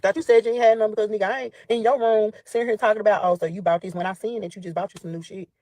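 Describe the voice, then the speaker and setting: A woman from Memphis, USA, speaks with a Southern Memphis accent in a mid-range, steady voice that races along with a darkish tone and no echo. She's venting angrily, telling her listeners directly about her ex in a heated monologue full of profanity.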